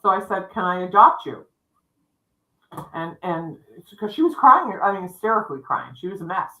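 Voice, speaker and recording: Chatty woman with a bright voice in an echoey room. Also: mid-range voice, fairly quick. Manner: chatty, lively, acts out dialogue. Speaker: psychic co-host. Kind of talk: storytelling in casual chat. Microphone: livestream setup.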